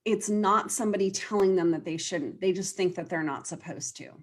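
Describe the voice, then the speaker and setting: A woman's voice: fairly low pitch, fairly quick. A woman life coach, speaking earnestly in a casual interview and often quoting her clients. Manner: earnest, explains with quoted client voices.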